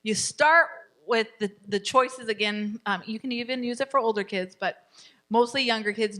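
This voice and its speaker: A woman teaching a live parenting class, animated and laughing often, acting out short parent and child lines. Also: fairly high pitch, moderate pace.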